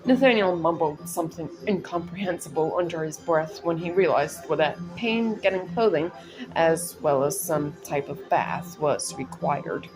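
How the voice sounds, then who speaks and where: A woman's voice: low voice, unhurried, over music. A woman reading her own story aloud in a casual, chatty way, breaking off into personal asides and laughing at her stumbles.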